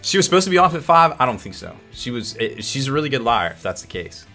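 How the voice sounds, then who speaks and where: A man's voice: medium pitch, very animated, quick pace, pushed and bright, faint music behind. A man hosting a hobby painting show in casual live-stream chat, upbeat and rambling, laughing often.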